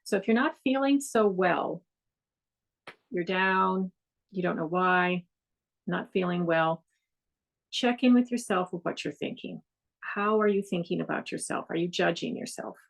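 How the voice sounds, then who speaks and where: Gentle woman with a gravelly edge. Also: on the low side, a little slow, pauses often. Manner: gentle, reflective, with soft acted asides. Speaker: mindfulness teacher. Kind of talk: guided mindfulness talk.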